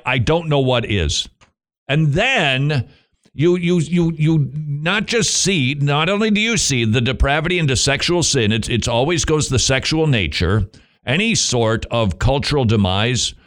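A man hosting a Christian talk radio show, joking and animated, slipping into quoted voices. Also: mid-range voice. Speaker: radio host.

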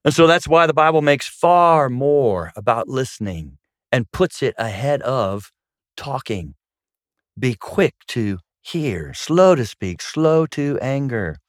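A man's voice: mid-range voice, animated, takes it slowly, no room sound, studio quality. A middle-aged man, a marriage counselor co-hosting a talk about marriage, who speaks emphatically and keeps stressing points with "guess what". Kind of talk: conversational teaching on marriage.

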